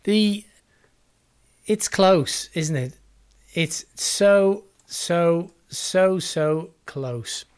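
A man with a slightly raised pitch hosts casual religious commentary. He speaks plainly and drives his points home by repeating them several times. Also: extremely slow, clean tone. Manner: emphatic repetition of phrases. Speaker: host.

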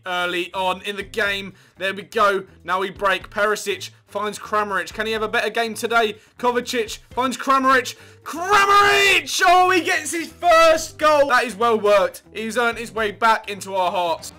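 A man giving excitable live gameplay commentary, yelping at near misses and swearing. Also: high voice, moderate pace, few pauses. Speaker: gaming channel host.

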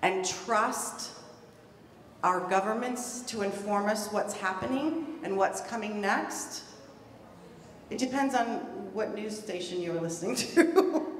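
A woman giving an earnest, emphatic conference talk, stressing and repeating key words. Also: fairly high pitch. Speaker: presenter at a conference. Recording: echoey hall, far from the mic, faint hum.

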